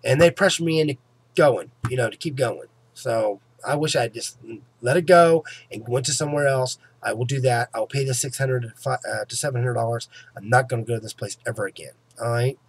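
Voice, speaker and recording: A man's voice: mid-range voice, fairly quick, husky. A man telling the story of a painful tooth extraction in a casual vlog, emphatic and swearing, often asking "okay?", with a sore jaw. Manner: emphatic, swears freely, keeps checking in with "okay?". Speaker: vlogger.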